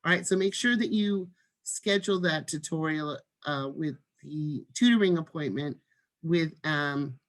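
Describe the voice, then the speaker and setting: Woman teacher, lowish voice, unhurried, deliberate online lesson delivery. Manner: measured, demonstrates reading with marked pauses. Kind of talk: online lesson on reading aloud.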